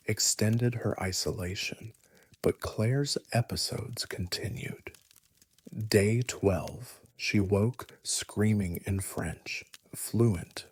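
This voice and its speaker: A man narrating a scripted first-person horror story in a hushed, often whispery delivery. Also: fairly low pitch, slightly rough.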